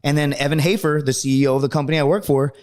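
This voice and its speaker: A man's voice: fairly high pitch, steady tone, darkish tone. A man telling rambling, profane stories in casual podcast chat. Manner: profane, rambling, fast storyteller. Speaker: guest. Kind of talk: casual storytelling.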